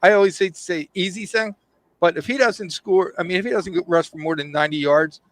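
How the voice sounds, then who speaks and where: Sports radio guy, bit high voice, stops and repeats himself a lot, dry mic. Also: a bit bright, no echo. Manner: halting, repeats words while building his point.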